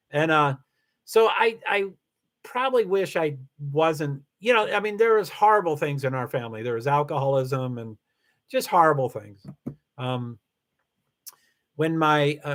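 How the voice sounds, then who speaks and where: Halting, high-voiced middle-aged man rambling. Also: fairly bright tone. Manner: rambling, halting, many restarts and fillers; candid, confessional. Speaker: livestream host. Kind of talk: casual personal livestream talk.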